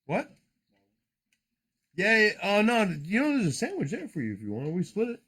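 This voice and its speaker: Rowdy male card-break host, high and lively, bright voice, jokey rambling patter with cursing. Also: normal speed, breathy edge. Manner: loud, joking, rambling, swears often. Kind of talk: casual livestream card break.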